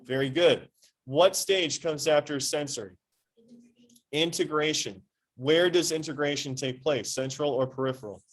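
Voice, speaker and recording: A man teaching an anatomy class, quizzing students with quick questions and playful sports analogies. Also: on the high side. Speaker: high school anatomy teacher.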